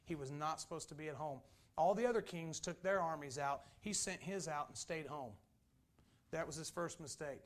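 Male pastor, fairly high-pitched, folksy sermon delivery with humorous asides and emphatic crescendos. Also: moderate pace. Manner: folksy preaching that builds to loud emphatic runs.

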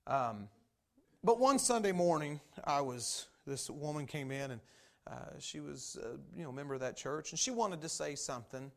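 Gravelly, folksy preaching man. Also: mid-range voice, moderate pace. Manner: folksy, animated preaching with many fillers and asides. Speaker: pastor. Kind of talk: sermon.

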